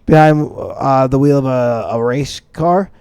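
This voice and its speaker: A man's voice: mid-range voice, measured pace, darkish tone, smooth, no echo. Rambling mock-serious young man, dry mic. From upper Midwest of the United States. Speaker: podcast co-host. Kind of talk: casual comedic chat.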